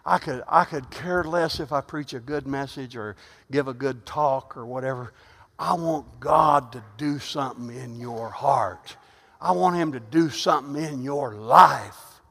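A middle-aged male pastor preaching a sermon, telling stories in a soft voice and then rising to loud, fervent calls. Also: mid-range voice, unhurried, vocal fry, long reverb tail. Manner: swings from loud preaching to quiet storytelling. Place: church.

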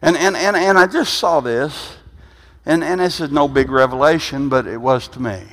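A man in his sixties preaching an informal sermon, rambling and conversational with frequent "huh?" asides, swinging from quiet, low musing to loud, emphatic bursts. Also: normal speed. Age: 60s. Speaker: pastor. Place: church sanctuary. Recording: reverberant church hall.

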